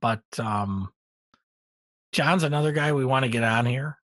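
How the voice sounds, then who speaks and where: A man's voice: medium pitch, measured pace, dry recording. Rambling middle-aged man, dry close sound. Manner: relaxed, rambling with many ums. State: tired, yawning. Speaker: podcast co-host. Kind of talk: casual hobby news chat.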